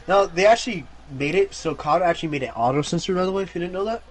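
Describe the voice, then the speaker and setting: A man's voice: high-pitched, quick pace, rough recording. A man streaming games, telling rambling, profane stories in casual chat. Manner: rambling, profane storytelling with restarts.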